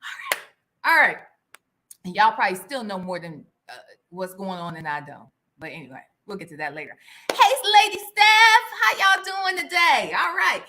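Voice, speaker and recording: With a mid-range voice, big pitch swings, and a moderate pace, a woman hosts a casual livestream over background noise. She chats, greets viewers by name, frequently closes with "all right?", and whispers her gossip asides.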